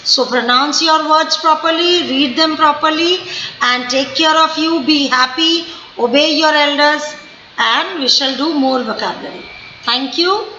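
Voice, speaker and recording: A woman with an Indian English accent teaching spoken English, repeating each word slowly several times. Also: sits high, pushed and bright, a little hiss or hum. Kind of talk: online spoken English lesson. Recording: echoey room, dull lo-fi sound.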